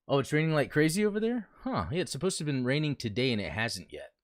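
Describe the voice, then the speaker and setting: A man's voice: mid-range voice, sing-song, quick pace, dry recording, studio quality. A man hosting a casual livestream from home, chatting with viewers while setting up and thinking aloud, talking into a desk mic. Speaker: livestream host. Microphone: desk mic he talks into.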